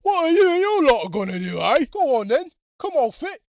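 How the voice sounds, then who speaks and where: A man's voice: very high voice, big pitch swings, normal speed, no echo, pitched above the performer's own voice, heavily acted. A man voicing a taunting male necromancer villain with a put-on Birmingham accent and crude slang. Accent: Birmingham, English.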